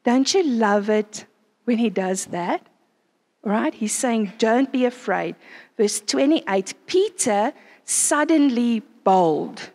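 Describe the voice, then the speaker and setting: A woman preaching at a conference in an animated way, often asking her listeners rhetorical questions. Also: a little high, slow, big-room sound. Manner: animated, asks the crowd frequent rhetorical questions. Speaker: conference speaker. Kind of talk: sermon. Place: conference venue.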